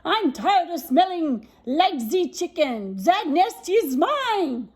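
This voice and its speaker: A woman's voice: very high-pitched, sing-song, slow pace, a little mellow, pitched above the performer's own voice, exaggerated voice. A woman voicing a fussy storybook duck who exclaims in French. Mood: huffy.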